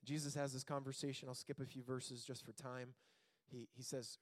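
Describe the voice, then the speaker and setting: A man preaching a sermon as pastor, telling a Bible story in an animated, joking way and acting out the quotes. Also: medium pitch, moderate pace. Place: church sanctuary.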